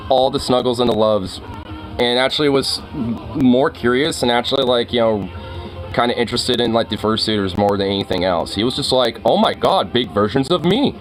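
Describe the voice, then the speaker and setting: A man's voice: medium pitch, moderate pace, soft background music. A young man chatting casually with his viewers, rambling, laughing often and swearing freely. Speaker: streamer.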